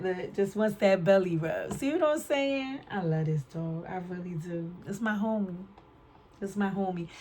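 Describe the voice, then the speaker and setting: Woman card reader with a slightly low voice, relaxed, chatty vlog delivery that is peppered with "right?". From New York City. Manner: chatty, keeps asking "right?". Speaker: tarot reader. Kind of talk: casual spiritual card reading.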